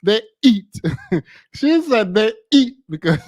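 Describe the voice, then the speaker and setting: An American man hosting a reaction commentary show, laughing and incredulous, his voice worn and going hoarse. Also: high voice, very animated, takes it slowly, darkish tone. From United States. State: losing his voice. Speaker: commentary channel host.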